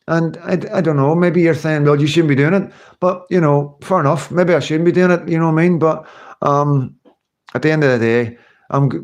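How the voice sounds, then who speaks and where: A man's voice: fairly high pitch, a little mellow. Rambling, earnest man streaming live. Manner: rambling, earnest, repeats himself, swears casually; reads out and answers viewer comments. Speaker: livestream host. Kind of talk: casual live-stream chat to viewers.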